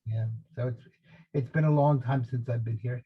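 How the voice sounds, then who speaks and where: A man's voice: mid-range voice, steady tone, normal speed, slightly rough, phone-quality sound. An older man from New Jersey with a New Jersey accent, chatting casually as a guest and telling jokey stories with stammered restarts. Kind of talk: casual chat.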